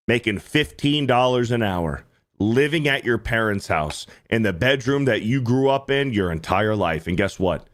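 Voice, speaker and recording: A man's voice: lowish voice, animated, a little slow. A man hosting a livestream, reacting to clips in casual, profane commentary and often repeating himself. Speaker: livestream host.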